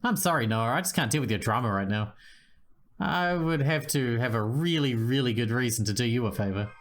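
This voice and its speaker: A man's voice: mid-range voice, fairly quick, lightly acted. A man reading a whiny, disgusted receptionist woman. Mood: put-upon.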